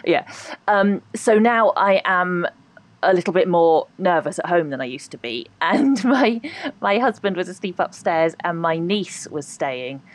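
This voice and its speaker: A woman's voice: fairly low pitch, lively intonation, a little slow, dry recording. A woman with a posh voice, a guest on a podcast, chatting animatedly, laughing often and hedging her points. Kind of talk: casual interview chat.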